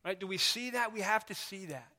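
Speaking a little fast, a pastor with a high-pitched, sharp-toned male voice delivers a sermon in a church sanctuary. His style is emphatic and conversational with frequent repetition, captured with a church hall's long reverb.

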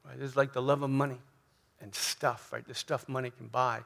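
A man's voice: mid-range voice, level tone, brisk, vocal fry, a bit bright. A man preaching a sermon in a church, emphatic, often repeating questions and asking "right?". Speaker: pastor.

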